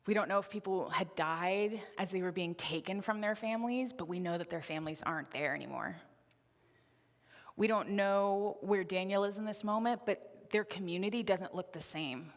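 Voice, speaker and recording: A woman's voice: mid-range voice, normal speed. A woman in her twenties giving a candid, conversational sermon with a personal story in a church. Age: 20s. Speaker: preacher. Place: church sanctuary. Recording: reverberant church hall.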